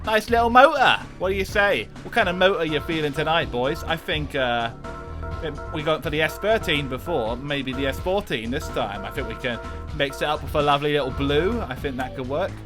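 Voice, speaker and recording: A man's voice: fairly high pitch, lively intonation, brisk, over music, natural voice. A man putting on a cheeky Cockney streamer. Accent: put-on Cockney. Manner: hammy, boisterous banter. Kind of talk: jokey put-on accent while streaming.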